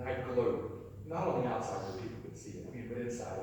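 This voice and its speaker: A man's voice: mid-range voice, lively intonation, brisk, background noise. A man preaching a sermon as pastor, telling the story in a folksy way and acting out the voices of its people. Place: church sanctuary. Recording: echoey church hall, mic far off.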